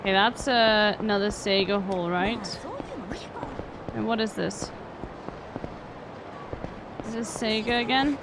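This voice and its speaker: A woman's voice: mid-range voice, steady tone, slow pace, long pauses, background noise. A young woman streamer chatting casually and swearing freely while she plays a video game. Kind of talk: casual gameplay commentary. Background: game music.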